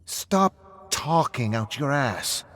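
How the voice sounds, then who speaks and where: A man's voice: medium pitch, expressive, extremely slow, fairly bright tone, voice pushed up. A man putting on a hotheaded, defensive drinker. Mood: angry. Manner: curt and defensive, snapping back.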